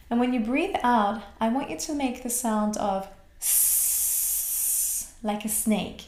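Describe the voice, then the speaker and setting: A woman from Australia teaching a voice class, guiding the breath with calm, slow cues. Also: fairly high pitch. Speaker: voice and mantra teacher. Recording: roomy echo.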